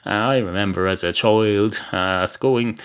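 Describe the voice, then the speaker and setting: A man's voice: on the low side, unhurried, a bit bright, clean tone. An Irish man hosting a comedy podcast, telling a rambling, sweary story with plenty of hesitations. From Ireland. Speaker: podcast host. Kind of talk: comic storytelling monologue.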